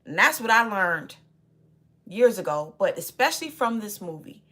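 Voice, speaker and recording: A woman's voice: mid-range voice, sing-song, moderate pace, a bit bright. A woman recapping a movie plot in a chatty, casual way, acting out the characters' lines as she goes. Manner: chatty, retells scenes with quoted lines. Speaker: movie reviewer.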